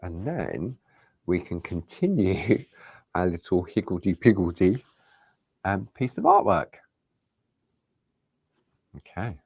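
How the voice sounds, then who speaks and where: A man's voice: deep voice, very animated, takes it slowly, gravelly, pauses often, a little mellow, slightly rough, dry recording, clean studio sound. A middle-aged man leading a live crafting tutorial, chatty and reassuring, talking straight to his viewers. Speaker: crafting demonstrator.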